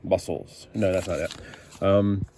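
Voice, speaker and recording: A man's voice: deep voice, steady tone, a little slow, dark tone, a little hiss or hum. A man giving a casual comic book review, rambling along with fillers and self-corrections.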